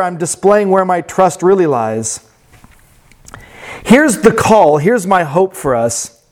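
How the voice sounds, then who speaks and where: A man preaching a sermon in a reflective way that turns animated when he tells a story. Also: high-pitched. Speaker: pastor.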